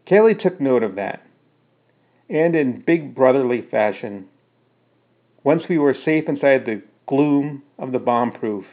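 A man's voice: mid-range voice, animated, measured pace. A man narrating a first-person story, later explaining it casually with fillers. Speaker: storyteller reading his own story. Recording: narrow phone-like sound.

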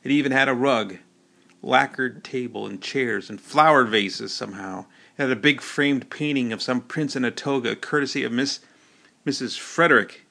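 A man's voice: medium pitch, normal speed, vocal fry, pushed and bright. A man narrating a first-person novel as an audiobook, telling the story in a folksy, wry way.

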